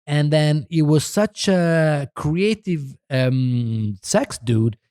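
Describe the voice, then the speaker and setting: A man's voice: on the high side, very slow, mellow, dry recording, studio quality. A man with an Italian accent telling a rambling story in a casual podcast chat, laughing and restarting often. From Italy. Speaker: podcast guest, photographer.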